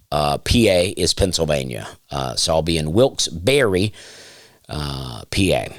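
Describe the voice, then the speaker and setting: Smooth baritone man, dry rambling podcast host. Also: no room sound. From Alabama. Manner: rambling, dry, self-deprecating asides with many fillers. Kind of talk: casual solo podcast monologue. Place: home, during nap time.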